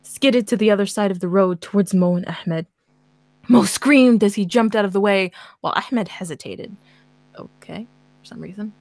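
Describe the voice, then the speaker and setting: A woman's voice: medium pitch, normal speed, a little mellow, no echo. A woman host reading a story aloud in casual chat, breaking off into sarcastic, laughing commentary.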